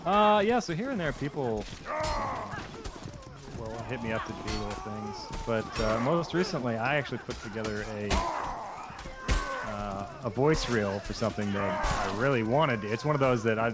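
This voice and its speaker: A man's voice: mid-range voice, normal speed. A man, a voice actor, chatting casually and a bit rambling during a game stream. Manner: relaxed and rambling, with frequent fillers. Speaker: voice actor guest. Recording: noisy background.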